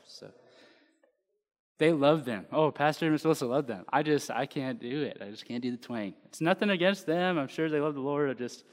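A man preaching casually to a congregation, joking in asides before reading a psalm aloud. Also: medium pitch. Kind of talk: casual sermon with scripture reading. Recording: long hall reverb.

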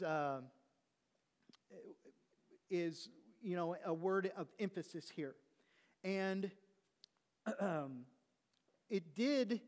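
A man preaching a sermon as pastor, teaching his congregation with rhetorical questions and slowing down to stress key words. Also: high voice. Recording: long hall reverb.

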